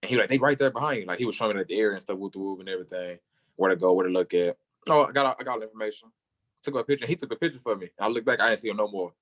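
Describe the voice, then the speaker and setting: A young man talking at a fast clip in a low-pitched voice, telling his story in an interview. He acts out everyone he quotes and leaps up high in pitch for their lines. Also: a bit bright. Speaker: football player guest.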